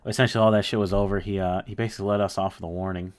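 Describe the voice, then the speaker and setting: A man's voice: sits low, fairly even intonation, rapid-fire, a little mellow. A young man casually telling a story, rambling and swearing with lots of fillers. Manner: rambling, profane, full of fillers.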